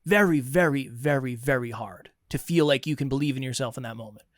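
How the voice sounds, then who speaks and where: A man's voice: medium pitch, fairly quick, no room sound, studio quality. A young adult man from Massachusetts, co-hosting a podcast in casual chat and acting out dialogue as he tells a story. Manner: animated storyteller, acts out quoted dialogue. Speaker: podcast co-host.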